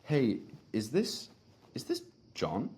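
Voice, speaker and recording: A man's voice: medium pitch, wildly swooping pitch, takes it slowly, darkish tone, voice pushed up. A man voicing a confused, flustered male phone caller who stammers as he searches for the right name.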